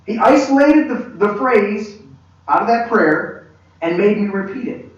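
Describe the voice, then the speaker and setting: A man's voice: sits high, unhurried. Man teaching in an echoey hall. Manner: animated storyteller, acts out quoted dialogue, many restarts. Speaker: pastor teaching a leadership class. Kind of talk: conversational sermon-style teaching. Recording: echoey hall, distant mic, dull lo-fi.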